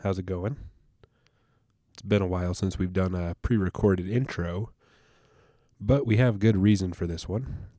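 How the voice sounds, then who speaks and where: A man's voice: low-pitched, fairly even intonation, measured pace, dark tone, dry recording, studio quality. A man hosting a podcast, talking in a laid-back, casual way with a stuffed-up nasal voice from allergies. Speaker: podcast host. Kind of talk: casual podcast intro and chat.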